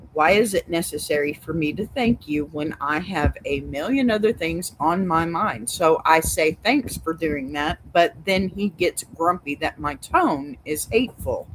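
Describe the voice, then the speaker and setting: A woman's voice: sits low, expressive, normal speed, slight background noise, rough recording. A Texan woman hosting an advice show, reading out a reader's story and then giving a blunt, sassy verdict. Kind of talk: reading and reacting to advice stories. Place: home with a dog.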